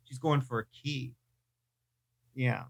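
A man co-hosting a casual film review podcast, chatty and animated, often laughing and restarting his sentences. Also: mid-range voice, slow pace, creaky. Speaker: podcast co-host.

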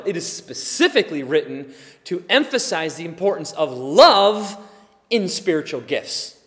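High-voiced male pastor preaching in a reverberant hall. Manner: animated preaching, swinging between loud emphasis and quiet asides; conversational, with occasional laughs and fillers. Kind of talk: sermon.

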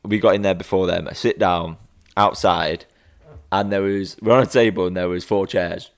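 A man, speaking in a low-pitched voice, tells a story in loose podcast chat. He is animated and keeps leaning on repeated lines for emphasis. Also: moderate pace.

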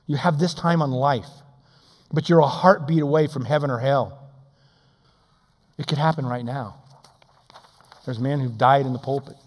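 Older assistant pastor, higher-pitched preacher, swings from booming to hushed, church reverb. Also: male voice. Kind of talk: sermon. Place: church sanctuary.

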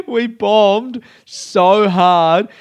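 A young man chats alone into a close podcast mic, rambling from one story to the next and swearing as he goes. His voice is smooth and a little high for a man. The sound is dry, with no room around it. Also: extremely slow, no room sound. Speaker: comedian and podcast host. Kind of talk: casual solo podcast chat.

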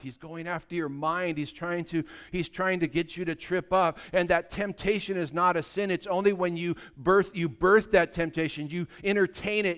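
A middle-aged man preaching a sermon as pastor, conversational and animated, full of rhetorical questions. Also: fairly high pitch.

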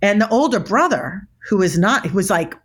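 A woman's voice: mid-range voice, expressive, moderate pace, breathy edge. A middle-aged woman, a body language expert, telling stories emphatically in an interview and often restarting her words. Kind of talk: animated interview storytelling.

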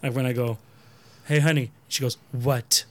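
A man hosting a podcast, chatting casually and telling a profane, animated story in which he acts out both sides. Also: mid-range voice, a little fast. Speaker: podcast host.

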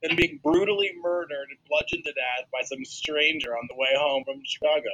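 A man co-hosting a podcast in casual chat, animated and jokey. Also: a little high, a little fast, muffled recording, slight background noise. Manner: animated, jokey, breaks into mock voices. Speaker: podcast co-host.

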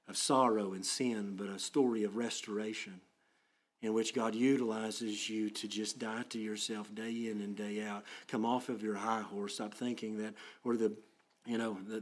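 A man preaching a sermon as pastor, earnest and plain-spoken, then praying quietly. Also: mid-range voice.

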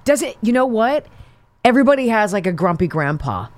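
Sarcastic woman talk-show host, lively. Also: a little high, a little fast, dry recording. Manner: sarcastic, mocking. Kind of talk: political talk commentary.

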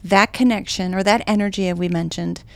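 A woman hosting an interview, asking soft-spoken, encouraging questions. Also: mid-range voice, fairly even intonation, moderate pace, gravelly, dry recording. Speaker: host.

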